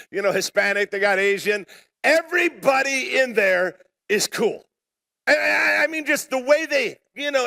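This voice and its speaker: A man preaching a sermon to a congregation, telling a story in an animated, conversational way with self-deprecating humor and calling out for responses. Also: high-pitched. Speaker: pastor. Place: church sanctuary before a live congregation.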